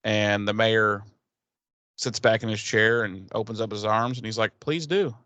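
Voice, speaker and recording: A man's voice: fairly low pitch, little pitch movement, moderate pace, pushed and bright, smooth, no echo. A man co-hosting a podcast, recapping a TV episode in casual chat, rambling and swearing with laughs. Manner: rambling, profane, laughing storyteller. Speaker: podcast co-host.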